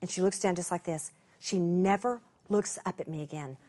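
A woman, a Bible teacher telling a personal story to her broadcast viewers. She talks in a chatty way, restarts her sentences and laughs at herself, and she drops to a hush at tender moments. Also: on the low side, moderate pace.

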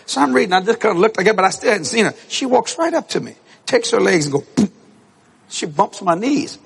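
Male preacher, high and gravelly, swings wildly in pitch, acts out voices, shouts at his congregation. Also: fast talker. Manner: animated, acts out voices, bursts into shouts and laughter. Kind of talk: storytelling sermon. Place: church service with congregation.

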